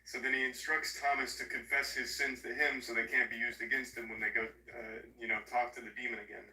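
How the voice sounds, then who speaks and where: Man with a very bright, sarcastic voice. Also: medium pitch, a little fast, recorded from a distance. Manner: sarcastic, profane, animated storytelling. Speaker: movie recapper. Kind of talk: casual comedic movie recap. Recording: echoey room, voice off-mic.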